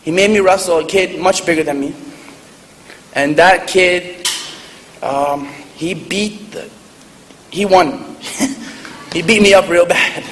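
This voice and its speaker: High-voiced joking male speaker in a hall. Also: slow, long pauses. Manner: joking, lively, laughs at own stories. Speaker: speaker at a public event. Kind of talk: humorous storytelling talk. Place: large hall with audience. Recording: echoey hall, faint noise.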